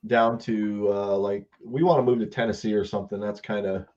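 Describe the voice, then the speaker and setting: A man's voice: on the low side, fairly even intonation, brisk, darkish tone. A man co-hosting a podcast in casual chat, rambling and often restarting his sentences. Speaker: podcast co-host. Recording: slightly dull lo-fi sound.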